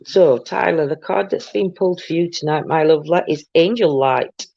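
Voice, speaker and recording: A woman's voice: low voice, moderate pace, vocal fry, mellow, dull audio. An older woman, tired, chatting casually on a live stream as a tarot reader, greeting viewers by name with many ums.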